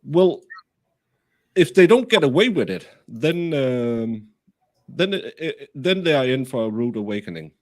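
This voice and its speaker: A man hosts a livestream, reading out viewer comments and stopping often to find his words. His voice sits in a middle range. He sounds unhurried. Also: medium pitch, big pitch swings. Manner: halting, many fillers and restarts. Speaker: host.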